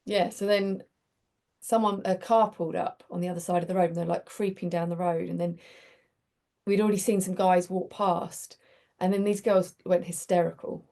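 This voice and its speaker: A woman's voice: lowish voice, fairly even intonation, normal speed, mellow. A woman hosting a community group, talking in a chatty, reflective way and telling stories with many restarts. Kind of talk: casual reflective talk.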